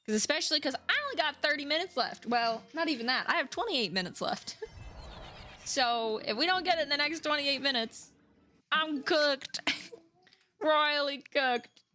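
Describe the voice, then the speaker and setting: A woman in her thirties streaming from home, chatting casually in a rambling, emphatic way with quick laughs and cursing. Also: high voice, sharp tone. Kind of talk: casual live-stream chat. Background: faint game music.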